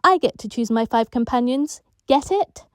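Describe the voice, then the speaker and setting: A woman's voice: normal speed, no room sound, studio quality, close to an everyday voice. A woman voicing a bold, bossy ten-year-old girl in care, brash and boastful. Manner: brash, boastful, shrill when excited.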